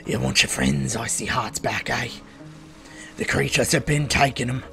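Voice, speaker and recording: A man voicing a mysterious male elf quest-giver in a strange put-on accent, low and hushed. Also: very animated, normal speed, creaky, soft background music, full character voice. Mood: grave, hushed.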